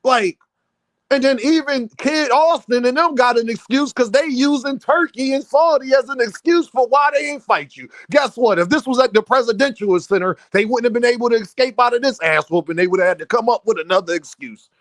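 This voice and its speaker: A man hosting a casual boxing commentary stream, heated and animated, often repeating himself and breaking into near-shouts. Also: very high voice, a little fast, no room sound. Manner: many restarts and repeated fillers.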